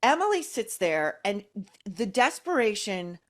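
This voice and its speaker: A woman's voice: medium pitch, sing-song, a little slow. A woman guest commentator in a casual chat, speaking emphatically with scathing sarcasm.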